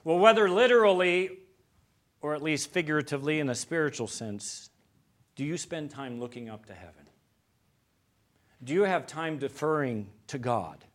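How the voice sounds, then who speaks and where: A male pastor preaching a sermon, moving between loud emphatic lines and quiet, hushed ones. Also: lively intonation, moderate pace, long pauses. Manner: preaching with wide swings from loud emphasis to hushed low tones.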